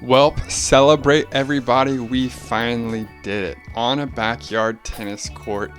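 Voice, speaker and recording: A man's voice: mid-range voice, level tone, unhurried. Vlog host, man, jokey and self-deprecating, over light music. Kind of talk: casual travel vlog narration.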